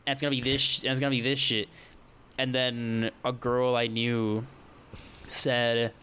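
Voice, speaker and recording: A man's voice: mid-range voice, little pitch movement, moderate pace, sharp tone, clean tone. Young guy telling a rambly podcast story, lots of restarts, voices other people. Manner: rambling, many restarts, acts out quoted lines. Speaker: podcast co-host. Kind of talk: casual storytelling chat.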